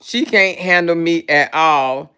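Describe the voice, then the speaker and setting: A woman's voice: on the low side, slow, bright, forceful tone, clean tone. A woman hosting a casual livestream, talking in a brash, profane, mocking way. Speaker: livestream host.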